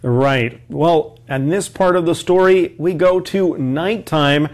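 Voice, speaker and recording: A man teacher slowly explaining story words for English learners, with light jokes. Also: a little high, darkish tone.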